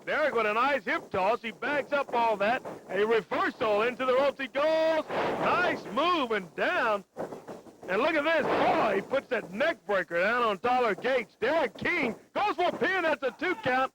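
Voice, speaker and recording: Man, wrestling play-by-play, excitable, very high pitch, noisy old broadcast audio. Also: normal speed. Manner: excitable, exclaiming calls. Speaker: play-by-play announcer.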